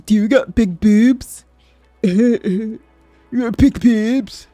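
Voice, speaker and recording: Give me a woman putting on a pushy, leering creep from voice chat, stammering and a bit higher. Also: drawn-out words, warm tone, no room sound, soft background music.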